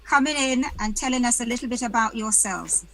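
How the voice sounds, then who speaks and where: A woman's voice: on the high side, fairly quick, rough recording. A woman from the UK hosting an online panel, chatting casually and greeting attendees by name with light jokes over a video call. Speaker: webinar host.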